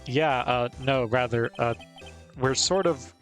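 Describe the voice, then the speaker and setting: A man's voice: mid-range voice, slow, faint music behind. Laid-back guy reading a game aloud. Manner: plain, mild reading voice, laughs often. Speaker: gaming streamer.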